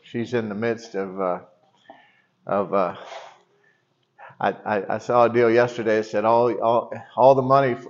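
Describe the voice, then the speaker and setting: A man's voice: on the low side, fairly even intonation, measured pace, pauses often, dull audio. A middle-aged man preaching in church, telling a long personal story with many restarts and asides. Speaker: pastor. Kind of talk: sermon.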